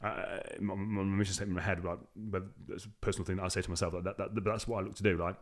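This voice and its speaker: A man in his thirties, a podcast host, telling his own story in a candid conversation with rapid, emphatic delivery and many restarts. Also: sits low, little pitch movement.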